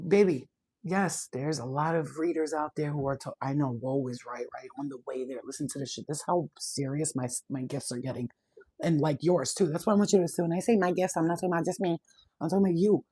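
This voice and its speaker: A woman's voice: deep voice, fairly quick, mellow, breathy edge, no echo. A woman, a spiritual reader, talking casually and bluntly to her viewers, swearing freely. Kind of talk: casual direct-to-camera chat.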